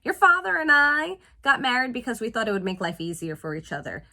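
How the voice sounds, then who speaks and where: A woman's voice: a little high, very animated, fairly quick, bright, forceful tone, full character voice. Woman voicing a blunt pragmatic stepmother. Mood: matter-of-fact. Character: blunt, pragmatic stepmother laying down household rules.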